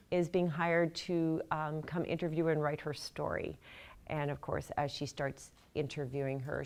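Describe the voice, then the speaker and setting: A woman's voice: low-pitched, a little mellow. A middle-aged woman author giving a casual, chatty talk to a library audience, self-deprecating and laughing at her own jokes. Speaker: author speaking at a library event.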